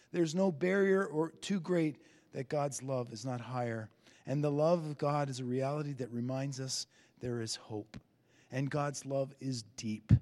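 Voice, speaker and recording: A man preaching a sermon earnestly, lifting his voice on key phrases and easing into soft endings. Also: fairly high pitch, in a large hall. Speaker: pastor.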